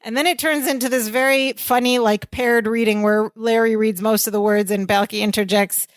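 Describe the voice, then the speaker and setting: A woman's voice: a little high, steady tone, moderate pace, no echo. A woman co-hosting a podcast in casual chat, retelling a sitcom plot step by step and acting out the characters' lines. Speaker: podcast co-host.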